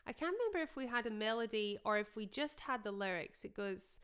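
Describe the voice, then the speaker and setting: Young Scottish woman, podcast host, chatty storyteller, smooth clear tone. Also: medium pitch, brisk, few pauses, fairly bright tone. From Scotland. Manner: chatty, storytelling, frequent fillers. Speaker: podcast host and singer-songwriter. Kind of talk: casual reminiscing chat.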